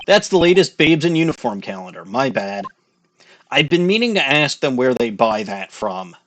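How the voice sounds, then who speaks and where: A man's voice: mid-range voice, a bit bright, a little hiss or hum. Joking male let's-play narrator. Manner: joking, reading game text aloud. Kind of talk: casual gameplay commentary.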